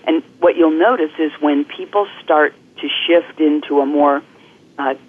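A woman guest coach explaining things clearly and articulately in an interview, speaking over the phone. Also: sits low, measured pace. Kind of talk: interview on a podcast. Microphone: telephone. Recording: phone-line call-in audio.

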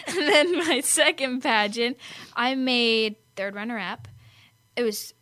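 A teenage girl from Arizona hosting a radio show, telling stories in a bubbly, animated way. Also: a little high, slow pace, no room sound. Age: teens. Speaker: host. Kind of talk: casual radio chat.

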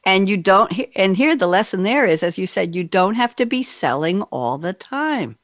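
A woman's voice: medium pitch, animated, moderate pace, no room sound, clean studio sound. An older woman hosting a panel show as a broadcaster, chatty with self-deprecating humor.

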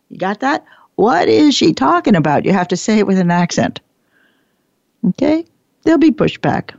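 A woman giving a training talk, animated, acting out bits of dialogue and repeating her points for emphasis. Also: on the low side, dry recording. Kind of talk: lecture presentation. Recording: dull lo-fi dry recording.

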